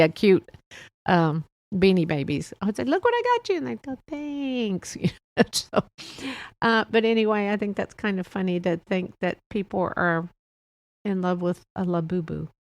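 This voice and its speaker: A woman's voice: medium pitch, no room sound. A middle-aged woman hosting her own podcast, chatting loosely about toys with frequent laughs and rambling restarts. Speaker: podcast host. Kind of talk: casual solo podcast chat.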